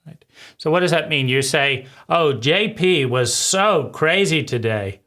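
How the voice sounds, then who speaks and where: A man gives a spoken lesson on conversation skills at an unhurried, measured pace. His voice sits a little high for a man. He circles back over his points and checks in with the listener as he goes. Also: animated, sharp tone. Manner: slow, deliberate, repeats phrases and asks "right?". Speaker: life coach.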